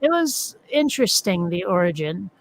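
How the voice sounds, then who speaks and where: A woman's voice: medium pitch, sing-song, normal speed. A woman in casual stream chat, curious and musing over word origins aloud.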